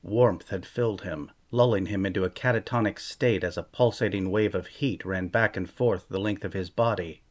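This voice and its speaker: A man narrating a fantasy novel chapter in a measured, steady storytelling voice. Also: low-pitched. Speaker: audiobook narrator. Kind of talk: scripted fantasy audiobook narration.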